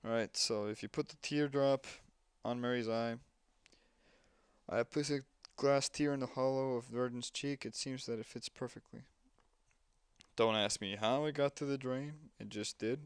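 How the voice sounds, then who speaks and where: Young guy rambling through a game, chill chatty filler talk, clear smooth voice, dry sound. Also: mid-range voice, steady tone, moderate pace, dry recording. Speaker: gameplay commentator. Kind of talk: casual gameplay commentary.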